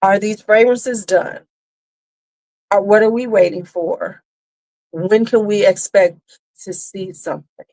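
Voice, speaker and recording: A woman's voice: mid-range voice, steady tone, slow, pauses often, a little mellow. A woman hosting a casual livestream, talking bluntly with some cursing and answering viewers' comments as they come in. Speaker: beauty channel host.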